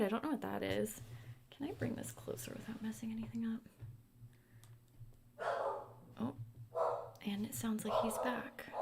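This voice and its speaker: A chatty young booktuber with a mid-range voice talks casually while carving a pumpkin. She muses aloud about books and occasionally drifts into soft, quiet asides.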